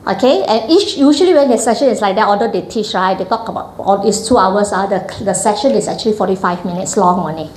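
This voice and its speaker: A middle-aged woman with a Malaysian English accent tells a personal story to an audience in an animated way, often acting out quoted voices. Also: mid-range voice, fast, hardly any pauses, slight background noise. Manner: animated, acts out quoted voices, frequent "lah". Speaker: breastfeeding coach. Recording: echoey hall.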